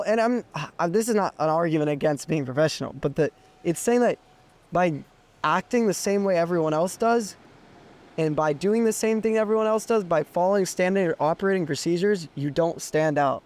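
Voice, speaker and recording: A man's voice: high-pitched, darkish tone. A young man hosting a casual podcast conversation, talking reflectively and filling his sentences with "like". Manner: reflective, many "like" fillers. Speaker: podcast host.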